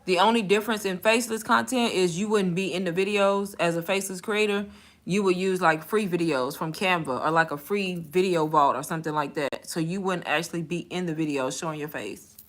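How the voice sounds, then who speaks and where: A woman's voice: lowish voice, a little fast. A young woman talking candidly in a casual storytime vlog, blunt and slangy, laughing often as she talks. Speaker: content creator and bank call center agent.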